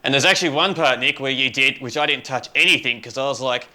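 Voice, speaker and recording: A man's voice: medium pitch, quick pace, bright, forceful tone. A man in a casual podcast chat, talking enthusiastically and rambling about his guitar parts. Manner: enthusiastic, rambling, full of fillers. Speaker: guitarist and co-host.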